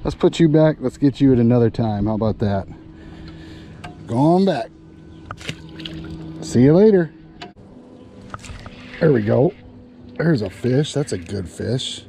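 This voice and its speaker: Slow, mellow fishing vlog man. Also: medium pitch, animated, vocal fry, soft background music. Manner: chatty, talks to the fish and viewers. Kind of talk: casual fishing vlog narration. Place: outdoors on a boat on a lake.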